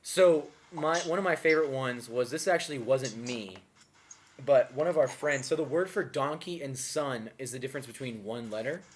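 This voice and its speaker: A man's voice: medium pitch, moderate pace, slight background noise. A young man co-hosting a podcast, joking, laughing often and acting out voices while telling stories. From grew up abroad as a third culture kid. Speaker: podcast co-host. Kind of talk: casual chat.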